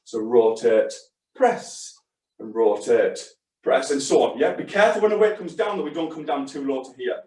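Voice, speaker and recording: A man's voice: medium pitch, expressive, moderate pace, warm tone. Guy fitness instructor calling out reps, chatty and upbeat, mic far off in a big echoey room. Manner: chatty, encouraging, short exercise cues. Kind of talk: live fitness class coaching.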